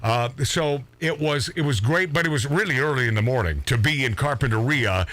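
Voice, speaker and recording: A man's voice: medium pitch, fairly quick, fairly bright tone. A middle-aged man, a radio show host, telling a rambling story in casual chat with lots of restarts.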